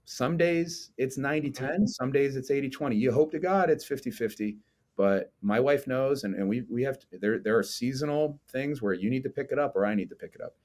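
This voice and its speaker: A man in his forties, a coach and lecturer, talking in a casual interview with an animated manner and frequent tag questions. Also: medium pitch, brisk. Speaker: strength coach and lecturer, podcast guest.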